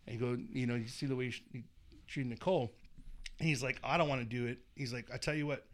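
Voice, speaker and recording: A man, a tattoo artist, telling a story in casual chat and acting out the people he quotes with lively voices. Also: mid-range voice, fast. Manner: animated, acts out quoted people. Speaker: tattoo artist and shop owner, guest.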